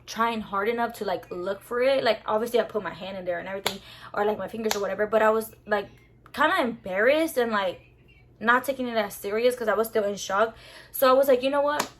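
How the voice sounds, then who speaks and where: Animated, profane young woman telling a story. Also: on the high side, fast, slight background noise. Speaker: vlogger. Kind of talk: casual storytime.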